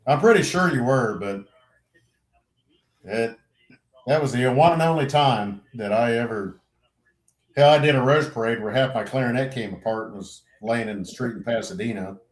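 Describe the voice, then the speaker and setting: A middle-aged veteran who co-hosts a podcast tells stories casually, animated and freely profane, at normal speed with frequent pauses. He acts out other people's lines loudly with sudden leaps in pitch and volume, then settles back into an easy, ordinary voice.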